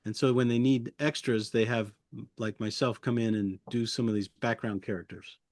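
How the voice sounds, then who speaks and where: A man's voice: mid-range voice, steady tone, moderate pace, darkish tone, dry recording, clean studio sound. A man who works as a puppeteer, chatting casually as an interview guest, chuckling often and rambling loosely through his memories.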